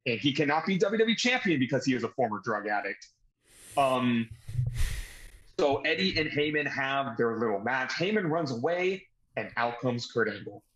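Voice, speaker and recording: A man with a mid-range voice recaps a wrestling show in casual podcast chat. He strings events together in long, steady narration, easygoing and conversational. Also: mid-range voice, moderate pace, low-quality recording. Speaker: podcast host.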